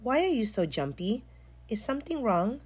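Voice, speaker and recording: A woman's voice: on the high side, big pitch swings, normal speed, slightly rough, voice pushed up. A woman voicing an impatient but caring mother in a children's storybook reading. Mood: questioning. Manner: scolding, firm then gentle.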